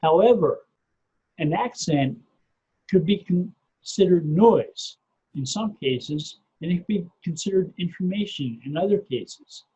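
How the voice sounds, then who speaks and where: High-voiced, mellow-toned man explaining. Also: lively intonation, breathy edge. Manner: measured, explains step by step, often repeats his first word. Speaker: podcast guest, SEO researcher. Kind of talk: casual explanatory interview talk. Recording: muffled lo-fi podcast audio.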